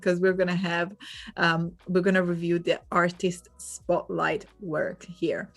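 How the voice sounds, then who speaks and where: A woman's voice: on the low side, fairly even intonation, normal speed, a bit bright, soft background music. A young woman with an Italian accent that has hints of British and American, chatting casually as a livestream host, laughing often and restarting her sentences. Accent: Italian, with some British and American sounds. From Italy.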